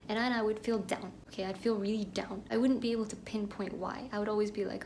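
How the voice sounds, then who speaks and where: A young woman from Pakistan telling a personal story in a candid, animated monologue that drops into whispered asides. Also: mid-range voice, fast talker, vocal fry, slight background noise. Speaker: podcast host.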